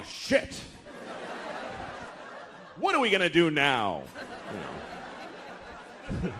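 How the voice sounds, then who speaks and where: A man doing a stand-up comedy set, ranting and shouting his punchlines. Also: medium pitch, slight background noise. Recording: live club with audience laughter.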